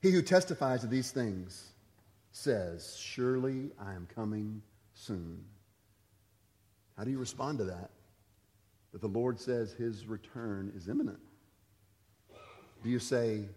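A man's voice: mid-range voice, lively intonation, normal speed, pauses often. Preaching man in a reverberant hall. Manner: swings from loud urgent emphasis to quiet hushed asides. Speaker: pastor. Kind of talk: sermon.

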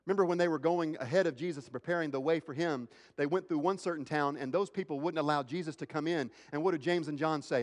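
A male pastor preaching a sermon, swinging between emphatic, raised lines and hushed, slow ones. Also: a little high, big-room sound.

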